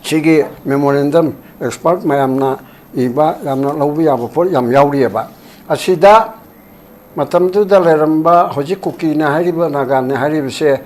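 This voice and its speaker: An older man being interviewed about politics, speaking rapidly and emphatically, sometimes quoting documents in English. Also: fairly high pitch, darkish tone. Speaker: former human rights commission chairperson, interview guest.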